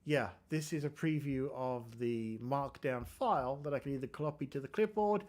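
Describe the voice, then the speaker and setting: At normal speed in a mid-range, darkish voice, an English man leads an informal live coding stream. He reads out comments from the chat and makes self-deprecating jokes about his code.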